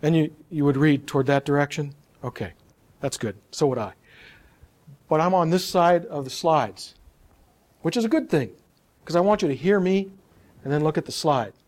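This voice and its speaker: Male presenter, slightly high voice, demonstrative, quizzes the room. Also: moderate pace, long pauses. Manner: lively, demonstrative, quizzes the audience. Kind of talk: live talk on public speaking.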